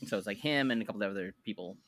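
Talking very fast in a lowish, slightly bright voice, this podcast co-host keeps things casual. He rambles and restarts his sentences, correcting himself as he eagerly pushes shows he likes.

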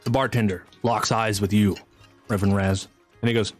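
A man narrating as game master of a streamed tabletop game, energetic and chatty, swinging into excited whoops. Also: lowish voice, moderate pace, music in the background.

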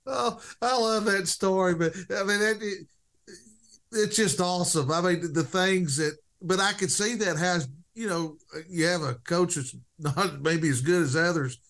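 A man hosting a casual interview, asking halting, enthusiastic questions. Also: sits high, fairly bright tone. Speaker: podcast host.

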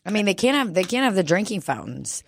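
A woman's voice: mid-range voice, big pitch swings, fast talker, creaky, husky. A woman chatting casually and comedically, laughing often and swearing freely. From Russian family background.

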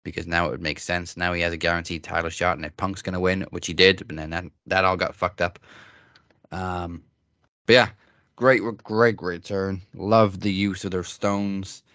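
A man with a low voice talks in a loose, rambling way, stopping and restarting often. He is recorded close and dry. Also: fairly even intonation, normal speed, fairly bright tone, no room sound. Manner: rambling, many fillers and restarts. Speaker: podcast co-host. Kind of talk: casual wrestling chat.

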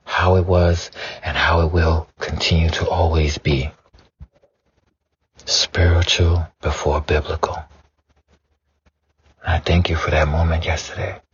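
A man's voice: extremely low pitch, level tone, unhurried, long pauses, slight background noise. A man in his forties giving a conversational, earnest spoken prayer to his ancestors, repeating phrases for emphasis and speaking bluntly. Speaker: spiritual prayer leader. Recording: dull lo-fi recording.

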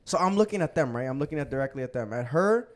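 A man's voice: mid-range voice, lively intonation, fast. Slangy young man telling a story. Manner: loose storytelling, heavy slang and swearing. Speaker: podcast host. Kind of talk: casual chat.

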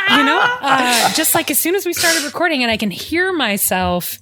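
A woman in her thirties with a Midwestern US accent, co-hosting a podcast in casual chat, self-deprecating and quick to laugh. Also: fairly high pitch, lively intonation, sharp tone. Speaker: podcast co-host.

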